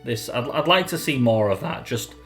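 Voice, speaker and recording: A man's voice: medium pitch, lively intonation, moderate pace, fairly bright tone. A British man co-hosting a casual podcast, joking and riffing, laughing often. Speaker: podcast co-host. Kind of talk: casual banter. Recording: faint music bed behind.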